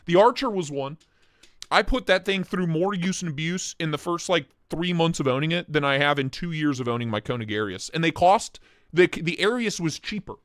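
A man's voice: fairly high pitch, animated, fairly quick, no echo, clean studio sound. A man hosting a casual live stream, joking and swearing as he greets viewers by name. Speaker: livestream host.

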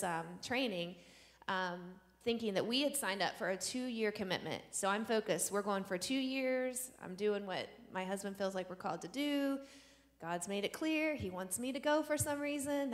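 A woman stands in a church sanctuary and tells her missionary testimony, speaking earnestly and acting out the people in her story. Her voice sits at an ordinary pitch for a woman and carries a long reverb from the hall around her. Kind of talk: personal testimony to a church audience.

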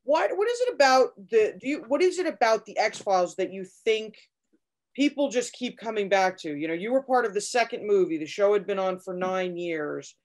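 A woman's voice: mid-range voice, animated, moderate pace. A woman interviewing an actor for a fan podcast, asking questions and sometimes restarting them.

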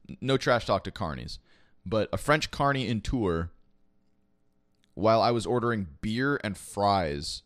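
This esports caster and podcast host, a young man from Quebec, Canada, has a fairly low, slightly bright voice heard in studio quality with no echo. His storytelling is casual and rambling, peppered with swearing and fillers like "like" and "you know."

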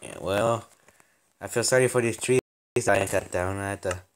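A man's voice: lowish voice, moderate pace. A young man casually commenting on his building game, playful and rambling, making up silly stories. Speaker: game channel host.

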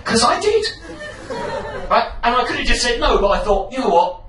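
A man performing a stand-up comedy routine on stage, swearing heavily and building into shouted rants. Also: extremely high pitch, big pitch swings, normal speed, a crowd in the background, noisy background. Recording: echoey live venue, far from mic.

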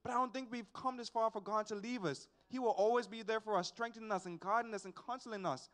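A young man, telling a personal testimony at a church service in an animated, repetitive storytelling way with sighs and asides. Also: high voice, fast talker. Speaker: church member giving a testimony.

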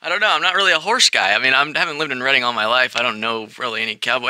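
A man's voice: mid-range voice, racing, bright, forceful tone, clean tone, no echo. A man voice actor joking between recording takes in a playful, self-mocking way.

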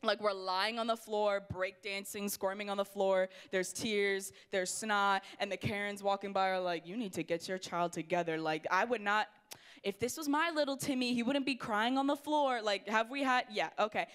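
A young woman giving an energetic, playful youth sermon, talking straight to the crowd in a church hall. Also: medium pitch, moderate pace, smooth. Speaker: youth pastor.

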